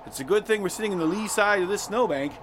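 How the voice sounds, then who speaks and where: A man's voice: sits high, quick pace, noisy background. A man performing comic sketches and a satirical monologue, sarcastic and exasperated. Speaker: comedy performer.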